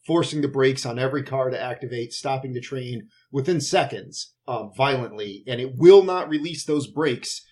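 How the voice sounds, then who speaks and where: A man co-hosting a casual movie podcast, retelling the plot in a rambling way with laughs and quick put-on voices. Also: medium pitch, a little mellow. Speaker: podcast co-host. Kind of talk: casual movie recap chat.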